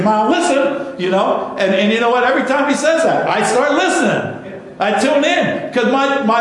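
High-voiced male pastor, echoey room. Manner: conversational, repeats words, asks the congregation questions. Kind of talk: sermon.

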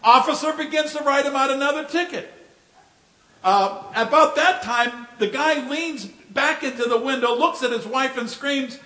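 A male preacher giving a folksy sermon with jokes and stories, often repeating words as he goes. His voice sits high. The sound echoes around the room. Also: moderate pace, bright, forceful tone.

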